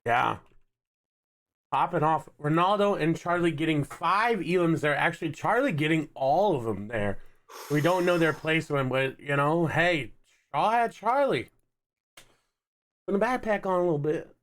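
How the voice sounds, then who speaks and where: A man's voice: a little high, lively intonation, normal speed, a bit bright. A man casting a live esports tournament in a laid-back, joking way, with a Texan accent. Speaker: esports caster. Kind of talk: live game commentary.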